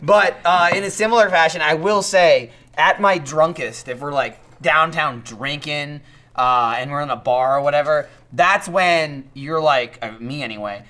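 A man's voice: on the high side, moderate pace, bright, forceful tone. A man co-hosting a podcast, talking in a rambling way with frequent restarts in casual chat. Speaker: podcast co-host.

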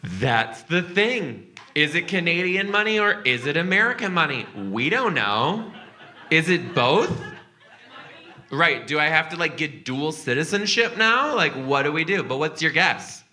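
A man doing stand-up crowd work and telling a story, animated, profane and teasing with the audience. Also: on the high side, measured pace. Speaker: comedian and podcast host.

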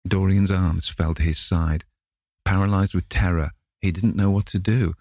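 A man narrating a classic novel in a measured, dramatic reading. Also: deep voice, steady tone, darkish tone, dry recording, studio quality. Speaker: audiobook narrator.

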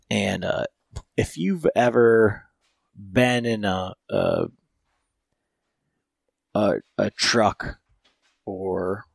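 A man's voice: lowish voice, gravelly, no echo, studio quality. A man hosting a podcast, telling a long story in a rambling, profane way with lots of fillers. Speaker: podcast host.

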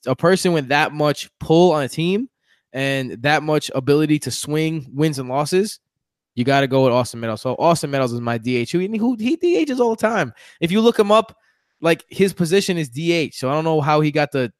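A man's voice: a little high, expressive, fairly quick, dry recording, clean studio sound. A man co-hosting a casual sports chat, a fiery fan from New York who rants and swears. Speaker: podcast co-host.

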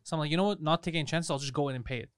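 A man on a podcast telling a story about a frustrating errand, animated and swearing as he acts out both sides of the conversation. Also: a little high, rapid-fire, clear, resonant tone, no room sound, clean studio sound. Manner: animated, profane storyteller acting out dialogue. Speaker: podcast co-host. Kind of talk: casual storytelling.

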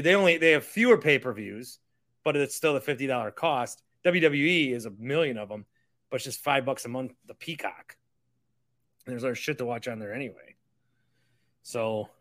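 A man's voice: medium pitch, bright, forceful tone. A man hosting a podcast, rambling casually and mocking himself, with the odd swear. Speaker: podcast host.

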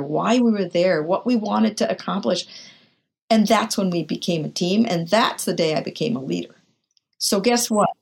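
Older woman, gravelly storyteller. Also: mid-range voice. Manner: frank, vivid anecdotes with shifting pace. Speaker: podcast guest, author. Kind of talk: candid interview storytelling.

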